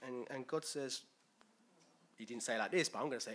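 Lively preacher, bright-toned. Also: male voice, medium pitch, fairly quick. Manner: lively, conversational, acts out quotes, asks listeners questions. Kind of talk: sermon.

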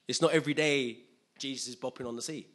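A man preaching a sermon in an animated way, acting out scenes with sudden loud outbursts. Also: medium pitch, fast.

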